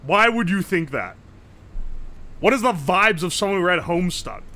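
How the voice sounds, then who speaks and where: A man's voice: high-pitched, expressive, moderate pace, pushed and bright. A man streaming live, reading his chat aloud and reacting in a joking, profane way. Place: home streaming setup.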